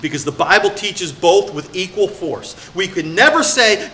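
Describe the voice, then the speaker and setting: A male pastor preaching a sermon in a conversational way, swinging from hushed personal storytelling to emphatic, rising exhortation. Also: high-pitched, lively intonation, measured pace, few pauses, slight background noise.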